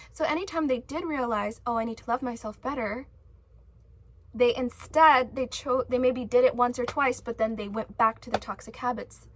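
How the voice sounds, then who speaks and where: Woman vlogger, slightly high voice, emphatic rambling monologue, swears a lot. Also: a little hiss or hum. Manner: many fillers and restarts. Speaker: spiritual vlogger. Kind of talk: casual monologue to camera.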